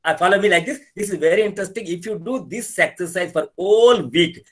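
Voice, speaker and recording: An older man with an Indian English accent instructs a webinar on laughter yoga over a video call. His voice sits a little high, and he repeats himself earnestly while demonstrating the laughs. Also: brisk.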